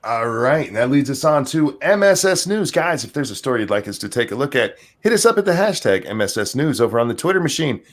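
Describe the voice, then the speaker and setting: A man's voice: medium pitch, sing-song, fast, hardly any pauses. Man hosting a casual podcast. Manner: joking, reads viewer messages aloud. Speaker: podcast host.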